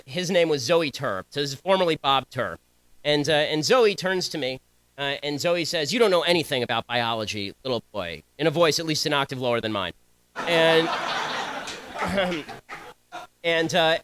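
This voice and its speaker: A young man giving a combative, sarcastic political speech to students, talking in rapid-fire bursts. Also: a little high, pushed and bright, no echo, poor audio. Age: young adult.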